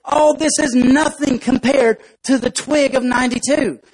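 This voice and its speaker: A man acting out a nerdy male ant leader who gives steady, reassuring commands. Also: very high-pitched, moderate pace, husky, voice pushed up, low-quality recording.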